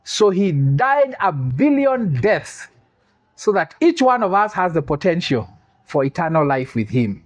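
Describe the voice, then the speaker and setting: Man, sermon, fairly high voice, repeats phrases, asks the audience questions, jokey asides. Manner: repeats key phrases for emphasis; quizzes the congregation for responses. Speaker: preacher.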